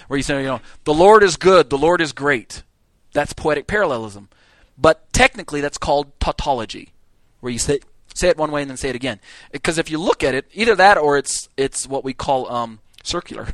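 A man teaching a Bible class, lecturing in an animated way, acting out quotes and often restarting his sentences. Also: mid-range voice, no echo.

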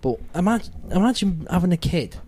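Sweary podcast host, mellow voice. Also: male voice, sits high, a little fast. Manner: sweary, rambling, animated opinions. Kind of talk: casual podcast chat.

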